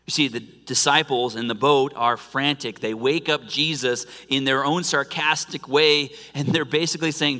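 A pastor delivers a sermon in a church sanctuary. His tone is bright and forceful, and he often drops from loud emphasis to near-whispers. The voice carries a long reverb from the hall. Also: medium pitch, fairly even intonation, moderate pace, hardly any pauses.

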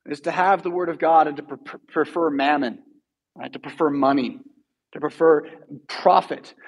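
A man's voice: on the high side, a little mellow, slightly rough. A man preaching a sermon in a church, telling stories in a casual, conversational way. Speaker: pastor.

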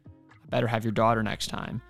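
A man's voice: fairly low pitch, flat delivery, a little fast, creaky, a bit bright, soft background music. A man voicing a worried, reluctant king, spoken plainly and offhand within a story he tells.

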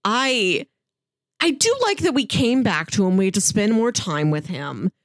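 A woman's voice: mid-range voice, no echo, clean studio sound. A woman podcast co-host chatting casually about a TV episode, laughing often and acting out quotes. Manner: slow, lively, laughs often, acts out quotes.

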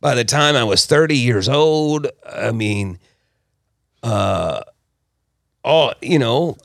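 A man from South Texas, telling his personal story as a podcast guest in an emphatic, animated way. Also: mid-range voice, takes it slowly, vocal fry, no echo, studio quality.

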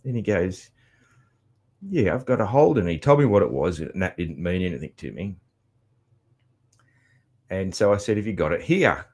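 A man's voice: deep voice, expressive, normal speed, pauses often. A man with an Australian accent giving a casual, rambling travel recap, swearing freely with many ums and restarts. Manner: loud, chatty. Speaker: vlogger.

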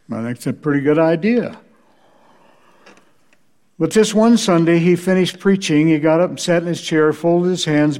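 A man's voice: fairly high pitch, darkish tone. Male church lecturer, wry storyteller with a slightly raised voice. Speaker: preacher and church history lecturer. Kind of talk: lecture with humorous anecdotes.

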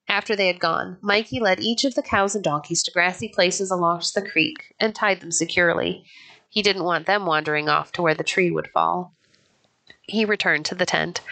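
A woman narrating a children's pioneer story in a clear, even, unhurried storybook reading. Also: fairly low pitch. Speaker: audiobook narrator.

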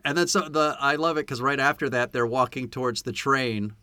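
A man co-hosting a podcast in casual chat, animated and laughing often as he acts out movie lines. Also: mid-range voice, brisk, clear, resonant tone, dry recording. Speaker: podcast co-host. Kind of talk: casual chat about a film.

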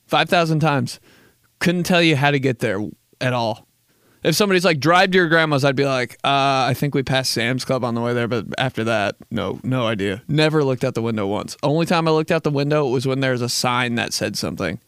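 A man's voice: mid-range voice, a little fast, a bit bright, clear, resonant tone, no echo. Rambling, laughing young man, dry close mic. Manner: rambling, laughs often, swears, bursts into silly put-on voices. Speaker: podcast host. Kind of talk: casual comedic podcast chat.

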